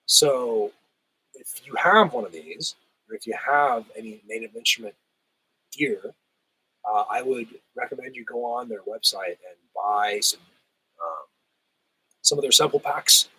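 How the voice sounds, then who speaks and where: A man hosts a relaxed live stream and answers his viewers in a chatty, easygoing way. His voice is husky and a little rough, still getting over a cold, at a middle pitch. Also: a little slow, pauses often, low-quality recording. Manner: laid-back, chatty, laughs often, says "hell yeah". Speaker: livestream host reading chat. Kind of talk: casual livestream chat.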